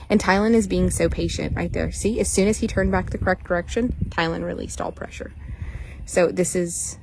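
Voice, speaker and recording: A woman's voice: on the low side, steady tone, brisk, creaky. A woman horse trader giving blunt, joking commentary on a training session outdoors. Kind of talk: casual commentary. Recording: noisy outdoor ambience.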